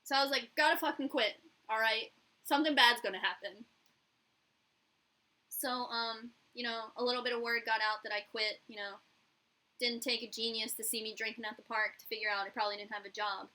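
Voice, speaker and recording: A woman's voice: a little high, little pitch movement, a little fast, pushed and bright, poor audio. A young woman, a YouTuber and hairstylist, telling a candid, profane story in a casual vlog and acting out the dialogue.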